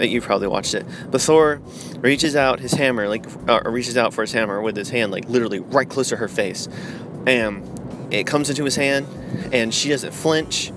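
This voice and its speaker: A man giving a sarcastic, swearing rant about a movie trailer, his voice jumping high and loud when he gets worked up. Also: noisy background. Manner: voice jumps high and loud in outbursts. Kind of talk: casual rant to camera.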